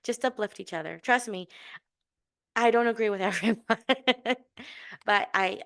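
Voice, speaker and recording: A woman's voice: medium pitch, normal speed, vocal fry. Chatty, laughing woman telling stories. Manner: laughing, chatty, many restarts and fillers; warm and encouraging. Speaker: podcast host. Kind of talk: casual storytelling monologue.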